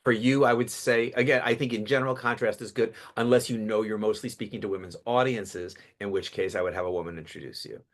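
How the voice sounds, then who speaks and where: A man in his fifties, a public speaking coach interviewed as a guest, telling stories with animated delivery. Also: on the low side, fast, few pauses. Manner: animated storyteller, acts out voices. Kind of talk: casual podcast interview.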